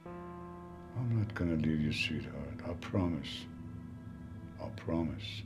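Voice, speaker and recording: An actor playing a gentle, reassuring older father who speaks softly. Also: rumbling low, lively intonation, over music, full character voice. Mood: tender. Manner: soft, slow, reassuring.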